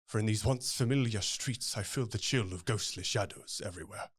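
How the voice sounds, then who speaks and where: A man playing a brooding, vengeful barber back from exile, reciting in a solemn, measured way. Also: lowish voice, husky. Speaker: stage actor.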